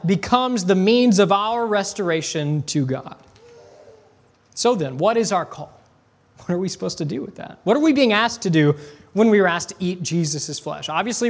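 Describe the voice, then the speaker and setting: A man preaching a sermon, reading scripture aloud and asking rhetorical questions, slowing down to stress key phrases. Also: high-pitched. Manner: rhetorical questions, conversational asides.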